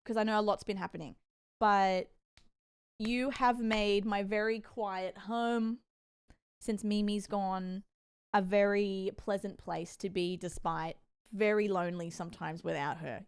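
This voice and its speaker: A young woman with a clear, resonant, medium-pitched voice chats casually with viewers on a livestream. She is giggly and rambling, blurting out crude jokes.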